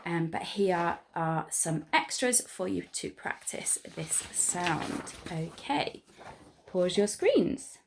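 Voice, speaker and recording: A woman, a French teacher giving a pronunciation lesson, modelling words slowly and clearly and praising her pupils. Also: fairly low pitch, animated, slight background noise. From England.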